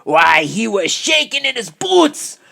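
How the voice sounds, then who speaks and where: A man's voice: sits high, very animated, slow, creaky, bright, forceful tone, exaggerated voice. A man voicing a fawning, boastful male sidekick in a storybook reading.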